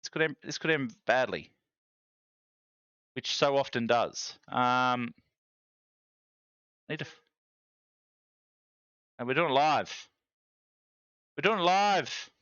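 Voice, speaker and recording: A man's voice: mid-range voice, expressive, slow, long pauses, a bit bright, no room sound, dull audio. A man streaming live, chatty and self-mocking, thinking aloud while he fiddles with his gear.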